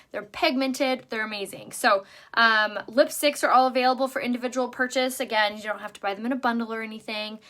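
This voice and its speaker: Her voice is a little high, bright and forceful. Running a relaxed makeup live stream, this middle-aged woman greets viewers in a bubbly, talkative way, though a late night has left her yawning and worn out.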